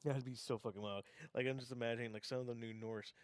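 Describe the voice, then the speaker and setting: A man chatting casually on a live gaming stream, rambling with lots of fillers and restarts, laughing often and getting excited. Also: mid-range voice, quick pace, no echo. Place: home setup, gaming stream.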